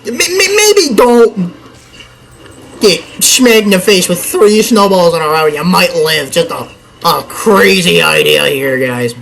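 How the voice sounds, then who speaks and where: A man's voice: on the high side, unhurried, gravelly, fairly bright tone, a little hiss or hum, poor audio. A young man chatting through a video game let's play, rambling and joking with himself and the game as he goes. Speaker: gaming channel host.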